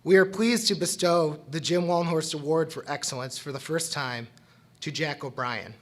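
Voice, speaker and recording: Man presenting an award; slightly high voice; heartfelt, measured prepared tribute.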